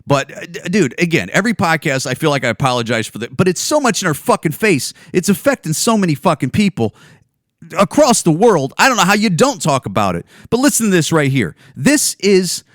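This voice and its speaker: A man's voice: on the high side, very animated, fairly quick, a bit bright, no room sound, clean studio sound. A man in his forties from the Chicago area, hosting a podcast and ranting angrily with lots of swearing and repetition. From Chicago area, USA. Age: 40s. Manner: angry, profane, repetitive. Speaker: podcast host.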